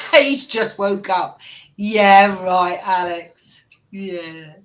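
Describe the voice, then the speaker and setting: A woman's voice: mid-range voice, drawn-out words, a bit bright. A woman hosting a casual livestream chat, laughing often and teasing her friends. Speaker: livestream host.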